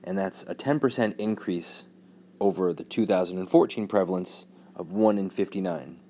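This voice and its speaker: A man's voice: low voice, normal speed. A man hosting a solo podcast, giving sarcastic, opinionated news commentary in a rambling way with many fillers and a tone he calls neutral. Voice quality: says his tone is neutral and flat. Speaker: podcast host.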